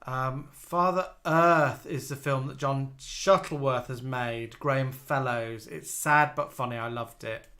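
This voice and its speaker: A man's voice: medium pitch, steady tone, measured pace, hardly any pauses, bright, forceful tone. A man from the UK co-hosting a live stream, chatting casually and reading out viewers' comments. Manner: chatty, gossipy storyteller.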